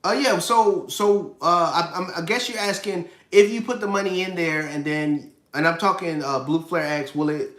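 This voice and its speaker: A man's voice: high voice, moderate pace, hardly any pauses, fairly bright tone, echoey room. A man in his thirties hosting a casual live finance stream, talking emphatically, repeating his points and answering chat questions. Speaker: livestream host.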